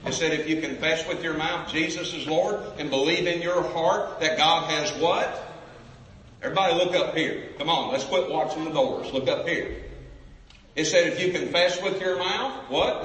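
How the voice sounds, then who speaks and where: Emphatic preacher in an echoey hall. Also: male voice, fairly high pitch, moderate pace, a bit bright, far from the mic. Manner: emphatic, calls out to the crowd for responses. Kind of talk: evangelistic sermon. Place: large church sanctuary.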